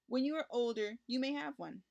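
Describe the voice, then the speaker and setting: A woman's voice: high voice, brisk, gravelly, a little mellow, lo-fi sound. A woman reading a storybook aloud, voicing a mild, uncertain mother who gives in to her son. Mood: gentle. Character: gentle, hesitant mother.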